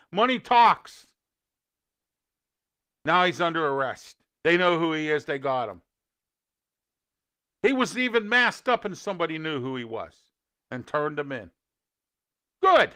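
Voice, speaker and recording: A man's voice: on the high side, very animated, unhurried, pauses often, bright, forceful tone. A man hosting an opinion show, ranting and scolding indignantly at people he finds foolish. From Pittsburgh area. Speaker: host.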